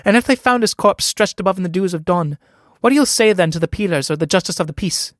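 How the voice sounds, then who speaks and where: Spirited, teasing young country woman, read by a man; sharp and impatient, lifted voice. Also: high voice, lively intonation, fast, no echo, clean studio sound, pitched above the performer's own voice. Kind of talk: dramatic play reading.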